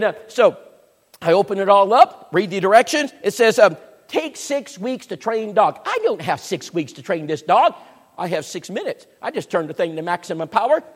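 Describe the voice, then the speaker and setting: A man, preaching a sermon as a folksy, animated storyteller. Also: high-pitched. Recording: echoey hall with long reverb.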